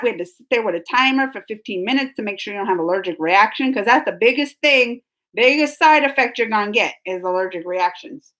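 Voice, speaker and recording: Young female streamer, high voice, chatty and fired up, laughs easily. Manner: rambling, animated and indignant, with quick laughs. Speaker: streamer reading live chat. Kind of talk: casual live-stream chat.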